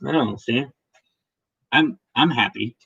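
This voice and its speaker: A man's voice: medium pitch, slow, vocal fry, fairly bright tone, husky, dry recording, dull audio. A man hosting a whiskey channel's live stream, chatting casually and emotionally with viewers and his partner. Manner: rambling, emotional, laughs often, many restarts.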